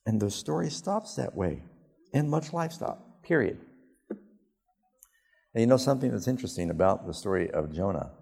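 A male pastor preaching a sermon, telling the story emphatically and with sudden rises in pitch. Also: lively intonation, moderate pace, vocal fry, pauses often, a little mellow. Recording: long hall reverb.

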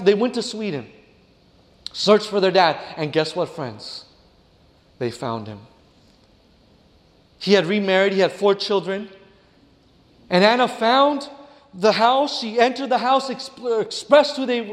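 A male preacher telling a story in a sermon, dramatic, often dropping his voice to a hush for effect. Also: high-pitched, a little slow, long pauses, long reverb tail. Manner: dramatic, drops to a hush, addresses listeners as "friends".

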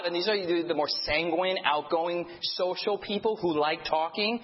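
A fairly high-voiced man preaches and leads scripture recitation, tripping over restarts and dropping playful asides. His voice rings with a long hall reverb, and the audio sounds a little dull. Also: normal speed, hardly any pauses. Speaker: pastor.

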